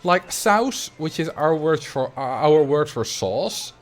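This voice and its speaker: A man with a Dutch accent chatting casually while he livestreams a game, rambling and thinking out loud at a desk mic. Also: fairly high pitch, expressive, takes it slowly, faint music behind. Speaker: streamer.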